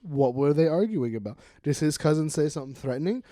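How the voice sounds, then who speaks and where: A man's voice: on the high side, animated, quick pace, dry recording, clean studio sound. A man co-hosting a comedy podcast in casual chat, joking and laughing often. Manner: joking, acts out loud silly quotes, laughs often. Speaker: podcast co-host.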